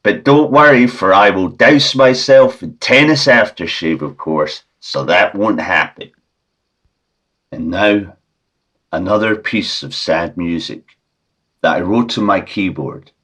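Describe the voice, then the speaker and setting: A Scottish man hosting a comedy podcast with a deadpan, rambling absurdist monologue. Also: deep voice, takes it slowly. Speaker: podcast host.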